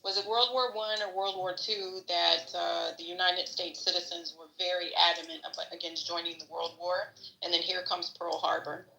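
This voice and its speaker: A woman's voice: fairly low pitch, level tone, normal speed, gravelly, bright, forceful tone, reverberant, a little hiss or hum, rough recording. A woman co-hosting a podcast, giving opinionated, salty, rambling political commentary. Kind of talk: casual political discussion.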